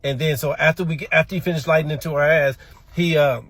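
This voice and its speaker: A man doing stand-up comedy, telling a story from his childhood in a rather high voice. He stammers and repeats himself as he goes, and laughs at his own tale. The sound is dry and close. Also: fairly even intonation, fast talker, a bit bright, dry recording.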